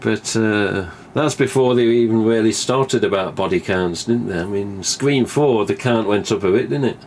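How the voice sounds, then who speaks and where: A man hosting a live stream from England speaks at normal speed in a fairly low, a little mellow voice, with slight background noise. Chatty and casual, he rambles on, swears freely, and acts out exchanges he remembers.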